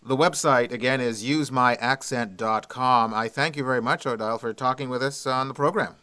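Bright, smooth-voiced Canadian radio host. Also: male voice, medium pitch, moderate pace. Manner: polished, announcer-like. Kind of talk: radio interview.

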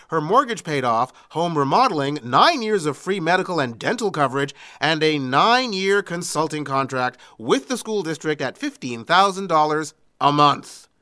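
Wry bright-voiced male podcast host. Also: on the high side. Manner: wry deadpan asides. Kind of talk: humorous news roundup.

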